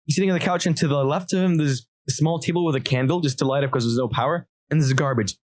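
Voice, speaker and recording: A man co-hosting a podcast, telling a childhood story in an excitable way, laughing as he goes. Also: on the high side, fast talker. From Lebanon. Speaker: podcast co-host. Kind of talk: casual chat, storytelling.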